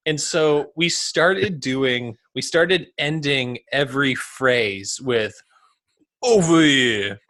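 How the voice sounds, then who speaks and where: Man in his thirties, New Jersey accent, bright voice, joking podcast host. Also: medium pitch, slow pace, hardly any pauses. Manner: jokey, laughs a lot, drops into goofy voices. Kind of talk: casual podcast chat.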